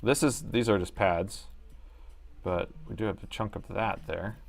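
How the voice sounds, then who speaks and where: A man's voice: fairly low pitch, unhurried, creaky, soft background music. A man hosting a laptop repair livestream, chatting casually to viewers and laughing often as he works. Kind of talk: casual live repair chat.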